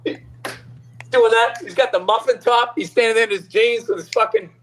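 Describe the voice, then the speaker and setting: A man's voice: very high-pitched, fairly quick, slight background noise. A man with a Boston accent, co-hosting a casual sports podcast, telling stories with swearing and laughter. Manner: excitable storytelling, swearing, laughing mid-sentence. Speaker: podcast co-host.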